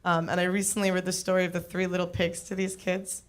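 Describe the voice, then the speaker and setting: A woman's voice: lowish voice, little pitch movement, fast talker. A young adult woman performing a stand-up comedy set on a club stage, chatty and self-deprecating with lots of "like".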